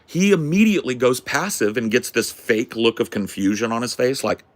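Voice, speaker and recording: A man hosting a podcast, ranting through a story as a brash, profane self-declared loudmouth who keeps asking "right?". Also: medium pitch, sing-song, moderate pace. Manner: punctuates points with "right?". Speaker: podcast host. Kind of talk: casual storytelling rant.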